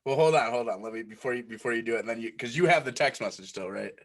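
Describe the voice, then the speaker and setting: A man with a Detroit accent, a podcast guest, talking in halting casual chat with many fillers. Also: medium pitch.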